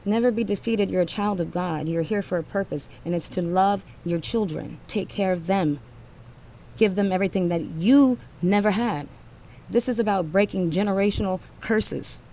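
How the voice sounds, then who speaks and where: A woman's voice: mid-range voice, normal speed, warm tone. A woman giving a blunt, profane motivational rant to single mothers, emphatic and often trailing off with sighs.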